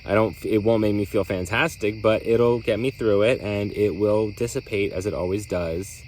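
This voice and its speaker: A man's voice: fairly low pitch, fairly even intonation, normal speed, a little mellow, slight background noise, rough recording. A man hosting a podcast, talking candidly in a rambling, reflective way with many fillers. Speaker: podcast host. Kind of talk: reflective solo talk.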